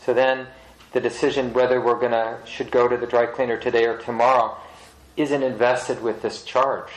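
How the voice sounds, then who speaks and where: Male meditation teacher, measured and reflective, mid pitch, echoing meeting room. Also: flat delivery. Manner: slow, measured, pausing to search for words. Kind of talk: reflective dharma talk to a group. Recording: roomy echo of a meeting hall.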